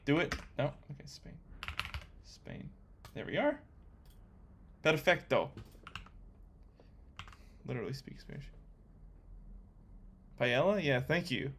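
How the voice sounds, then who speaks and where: A young man talking to himself while coding, thinking aloud with excitable, chatty commentary. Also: medium pitch, measured pace, pauses often, a little hiss or hum. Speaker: coding vlogger. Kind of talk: casual screen-recorded coding commentary.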